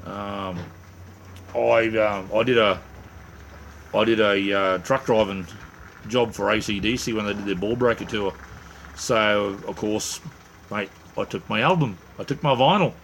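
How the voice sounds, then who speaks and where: A rambling, jokey middle-aged Australian man chatting casually to a live stream audience in a lowish voice. He restarts his sentences and drifts between stories. Faint vehicle and ambient noise sit behind him. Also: fairly even intonation, unhurried, pauses often, fairly bright tone. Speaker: livestream host. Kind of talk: casual live chat reading viewer comments.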